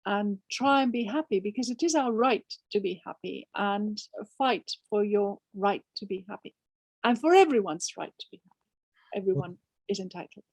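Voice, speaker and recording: A woman's voice: medium pitch, lively intonation, moderate pace, darkish tone, dry recording. An older woman author from Spain, answering audience questions emphatically with rhetorical questions and frequent restarts. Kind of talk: conversational Q&A.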